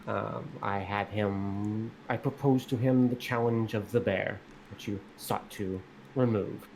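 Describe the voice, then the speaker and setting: A man playing in a tabletop game, speaking hesitantly with many pauses and fillers. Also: lowish voice, steady tone, vocal fry, darkish tone, a little hiss or hum, poor audio. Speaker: player. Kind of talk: tabletop role-play.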